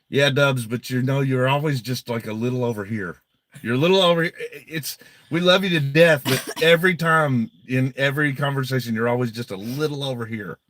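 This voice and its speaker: A man's voice: medium pitch, fairly bright tone, no room sound. A man hosting a casual livestream, blunt and heavily profane, often agitated as he reads viewer donations.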